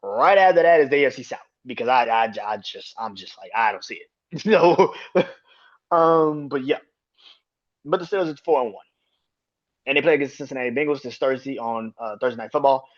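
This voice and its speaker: A man hosting a casual sports podcast, swearing freely and laughing between rapid opinions. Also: mid-range voice. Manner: profane, animated, laughs often. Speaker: podcast host. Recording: dull lo-fi sound.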